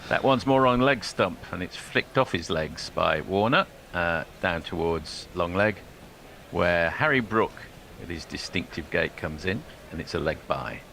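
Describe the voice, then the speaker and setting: Gravelly low-voiced cricket commentator. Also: male voice, animated, unhurried, sharp tone, slight background noise. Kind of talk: ball-by-ball radio commentary.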